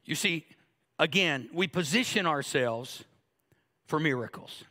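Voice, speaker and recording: A man's voice: on the high side, animated, a little slow, sharp tone. A man in his fifties preaching a sermon, joking and acting out little asides in a conversational way. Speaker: pastor.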